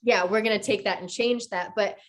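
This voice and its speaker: A woman's voice: medium pitch, fairly even intonation, brisk. A woman in her thirties, an actress as guest, chatting casually and telling stories with enthusiasm. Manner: enthusiastic storyteller, acts out quotes. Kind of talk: casual interview chat.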